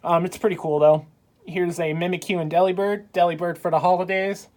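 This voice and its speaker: A woman's voice: on the low side, fairly even intonation, fairly quick, darkish tone. A woman filming a casual tour of her game room at home on a handheld phone, chatting in an offhand, upbeat way with plenty of fillers. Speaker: video creator giving a room tour. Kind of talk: casual vlog narration. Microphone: handheld phone camera.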